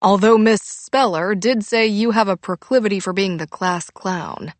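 A woman's voice: medium pitch, moderate pace, no room sound, natural voice. A woman voicing a fond, fussing middle-aged mother in an audiobook.

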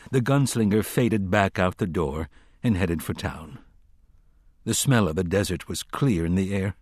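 A man narrating a dark fantasy audiobook in a measured, dramatic reading. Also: low-pitched, husky, no room sound, studio quality. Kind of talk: scripted narration.

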